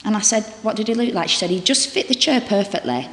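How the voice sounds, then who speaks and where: A woman actor talking candidly as an interview guest, chatty and halting, with lots of restarts and acted-out dialogue. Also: medium pitch, lively intonation. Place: library reading room. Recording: roomy echo with long reverb.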